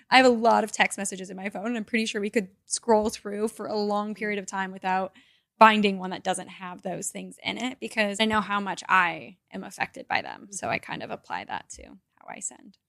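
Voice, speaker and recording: A woman's voice: medium pitch, normal speed, vocal fry, a bit bright, dry recording, studio quality. A woman co-hosting a casual podcast, reflective and open about her own feelings. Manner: reflective, openly shares own feelings, laughs easily. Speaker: podcast co-host.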